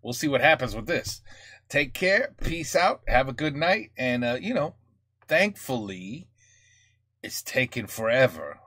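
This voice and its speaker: American man, reaction host, bright tone, close dry mic, talks in fits and starts. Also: mid-range voice, very animated, a little slow, dry recording. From United States. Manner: thinking aloud, many fillers and restarts. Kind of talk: casual reaction commentary.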